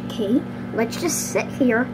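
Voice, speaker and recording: A woman's voice: fairly high pitch, a little slow, background noise. A young woman making a casual home vlog, breaking into exasperated outbursts of disbelief. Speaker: vlogger.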